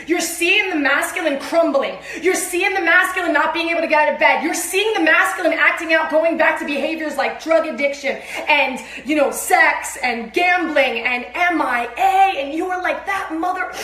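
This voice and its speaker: Animated high-voiced woman preaching. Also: normal speed, hardly any pauses, echoey room. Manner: animated, emphatic, swears and acts out exclamations. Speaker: co-host of a spiritual sermon. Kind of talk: livestreamed spiritual sermon, casual and emphatic.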